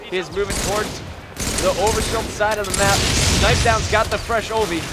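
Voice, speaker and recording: A man calling live video game action as a play-by-play commentator, with rapid, excited calls. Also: high-pitched, very noisy.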